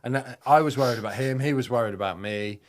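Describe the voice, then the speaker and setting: On a podcast, a British man in his thirties who served in the army rattles off a sprawling, colorful, profanity-laden war story at a fast clip in a mid-range voice. He plays out quoted lines in a louder voice.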